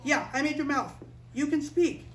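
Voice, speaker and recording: A woman voicing God as a calm male deity who gives commands in slow, emphatic declarations. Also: sits high, echoey room, recorded from a distance, slight background noise, close to an everyday voice. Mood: commanding.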